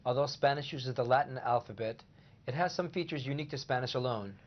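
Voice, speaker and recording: A man explains a scripted language lesson in a steady, even voice. His pitch is mid-range for a man. The recording sounds a bit muffled and lo-fi. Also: quick pace. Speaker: language teacher co-host.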